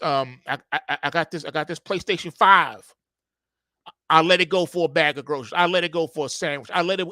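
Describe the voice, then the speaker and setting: Guy putting on a pleading street hustler, stammers a lot, bright voice. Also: high-pitched, dry recording, clean studio sound. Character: street hustler man begging to trade goods for food.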